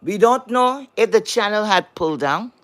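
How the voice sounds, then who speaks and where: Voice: mid-range voice, lively intonation, normal speed, fairly bright tone, no room sound. A streamer vents straight at the audience in a heated rant, blunt and full of swearing. The voice keeps circling back to the same words and asks the viewers pointed rhetorical questions. The sound is dry and close, with no room around it. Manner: blunt, profane, repetitive, emphatic. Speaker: online commentator.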